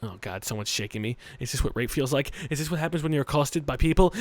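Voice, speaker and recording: A man's voice: medium pitch, fast, hardly any pauses, dry recording. Joking crude let's play guy. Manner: joking, crude, rambling asides. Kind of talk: casual let's play commentary and visual novel reading.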